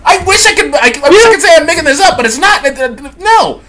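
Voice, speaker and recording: A man's voice: very high voice, lively intonation, fast talker, sharp tone. A man co-hosting a podcast, trading crude comedic banter and telling absurd bits with a giggle. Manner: giggly, tells absurd bits with silly voices. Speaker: podcast co-host.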